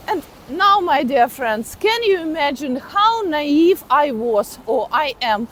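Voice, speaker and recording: Ukrainian woman, 40s, vlogger; very high voice, unhurried delivery, earnest and halting. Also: very animated, fairly bright tone, slight background noise. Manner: earnest, halting, with frequent pauses and sighs. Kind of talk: personal storytelling to camera.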